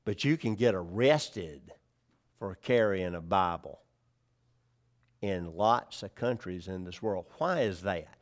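Man, pastor, conversational sermon delivery, slow pace, folksy humor. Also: deep voice, expressive. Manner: conversational, checks in with the congregation, asks questions. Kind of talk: sermon, verse-by-verse Bible teaching.

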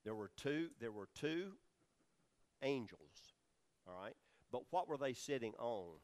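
A man's voice: mid-range voice, big pitch swings, a little slow, a little mellow. A man teaching a Bible study sermon, explaining words and asking his listeners questions as he goes. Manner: explanatory, asks the audience questions, many fillers. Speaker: preacher teaching scripture.

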